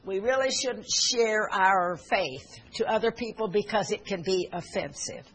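A woman's voice: mid-range voice, measured pace, a little hiss or hum, poor audio. A woman preaching a sermon, telling stories earnestly with fillers and restarts, and urging her listeners fervently.

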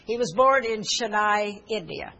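A woman's voice: mid-range voice, lively intonation, a little slow, vocal fry, pushed and bright, dull audio. Earnest woman preacher telling stories. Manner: earnest storytelling with fillers and restarts; fervent, urging. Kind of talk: sermon.

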